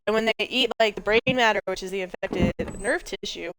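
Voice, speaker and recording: A woman's voice: mid-range voice, fairly quick, noisy background. A woman giving let's play commentary as a gaming host, chatty and jokey and rambling as she plays.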